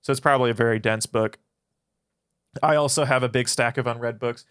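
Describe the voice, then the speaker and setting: Profane rambling male streamer, bright crisp voice. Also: mid-range voice, steady tone, fairly quick, no room sound, clean studio sound. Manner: profane, rambling, answers chat questions. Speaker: philosophy channel streamer. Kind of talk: casual livestream Q&A.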